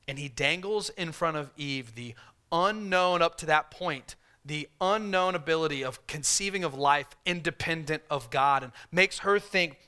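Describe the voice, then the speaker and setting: A man preaching a sermon in a conversational way, voicing the tempter's questions in softer, lower tones. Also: moderate pace. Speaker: pastor.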